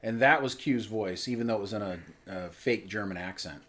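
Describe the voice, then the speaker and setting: A man's voice: fairly low pitch, brisk, fairly bright tone. Opinionated man co-hosting a chat show. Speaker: podcast co-host. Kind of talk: casual pop culture chat.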